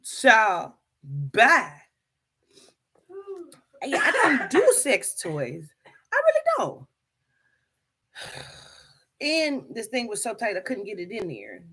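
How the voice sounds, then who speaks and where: Animated husky woman telling a story. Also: mid-range voice, takes it slowly, long pauses. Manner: animated, profane, bursts of laughter. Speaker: vlogger. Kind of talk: casual comedic storytelling to camera.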